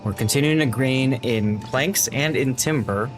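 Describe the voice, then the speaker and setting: A man's voice: mid-range voice, unhurried, over music. A man live-streaming a city-building game, thinking aloud and greeting his chat as he plays. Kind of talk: casual live-stream gameplay commentary.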